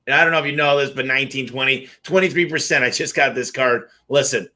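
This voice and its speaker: A man's voice: mid-range voice, fairly quick, few pauses, bright, forceful tone, soft background music. A male host chatting casually with a guest. He is enthusiastic and jokey and tells anecdotes. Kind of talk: casual business interview chat.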